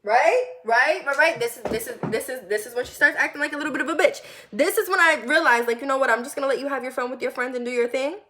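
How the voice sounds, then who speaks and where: A young woman telling a personal story in a vlog, animated and repetitive, with lots of swearing. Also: high-pitched, racing, hardly any pauses. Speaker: vlogger.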